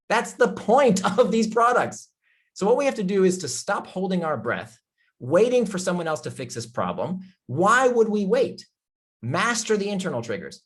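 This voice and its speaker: Emphatic man speaking by video call. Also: sits high. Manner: passionate, emphatic, rhetorical questions. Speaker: author and speaker. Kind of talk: impassioned talk, then audience Q&A.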